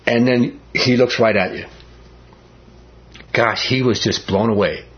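Pastor, male, mid-pitched voice, conversational and animated sermon delivery, slightly dull recording. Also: unhurried. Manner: conversational, animated preaching with rising emphasis.

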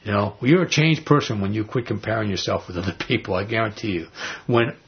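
Male Bible study leader, casual and rambling delivery, low register, dull lo-fi recording. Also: quick pace, creaky, husky. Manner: conversational, rambling, frequent "you know" and "okay?". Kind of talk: informal Bible teaching. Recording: dull lo-fi recording with faint noise.

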